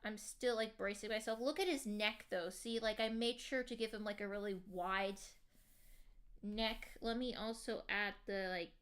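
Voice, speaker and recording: A woman's voice: mid-range voice, fairly even intonation, normal speed, smooth. A woman streamer chatting casually to her viewers while she draws, with a lot of ums and likes. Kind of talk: casual livestream chat while drawing.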